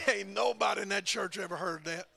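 A man's voice: high voice, gravelly, bright, forceful tone, slight background noise. A man preaching a testimony, telling folksy stories and laughing at himself. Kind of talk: testimony sermon. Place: church sanctuary.

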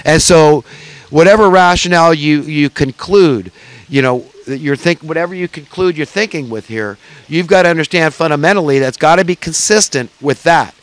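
A fervent man delivers a preachy monologue in a fairly high, smooth, resonant voice. He drives his points home with repeated "okay?" checks. The sound is dry and close. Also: moderate pace, no room sound, low-quality recording. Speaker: commentator. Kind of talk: impassioned monologue.

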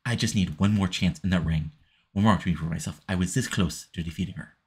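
A man's voice: low-pitched, quick pace, slightly rough, full character voice. A man reading out the lines of a determined young female wrestler, earnest and pleading.

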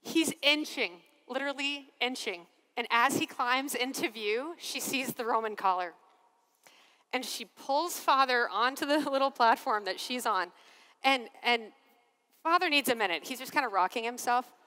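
A religious sister giving a keynote to a large crowd in animated, expressive storytelling, acting out voices and laughing often. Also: female voice, fairly high pitch, normal speed. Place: large convention arena. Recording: long reverb of a big arena.

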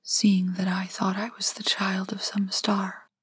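A woman's voice: mid-range voice, monotone, unhurried, husky, dry recording. A woman voicing a proud, scornful boy in a whispered role-play from a storybook fairytale, cold and haughty in tone.

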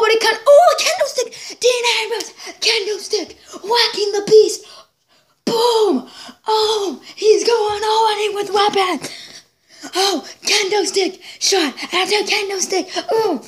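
A woman hosting a reaction video, giving excitable live commentary, exclaiming and laughing along as she watches. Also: extremely high pitch.

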